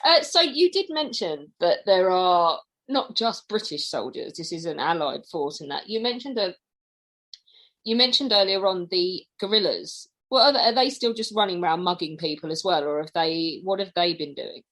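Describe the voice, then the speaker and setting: A woman's voice: on the low side, animated, moderate pace, a bit bright. A woman hosting a casual chat, prompting her guest with questions. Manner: prompting questions, laughs along. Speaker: podcast host.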